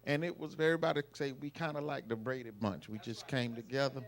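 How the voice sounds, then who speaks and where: A middle-aged man giving an emotional, storytelling tribute to his father at a family celebration, with loud folksy bursts. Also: medium pitch, steady tone, fast. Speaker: eldest son giving a birthday tribute. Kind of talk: heartfelt family speech. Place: live family celebration event.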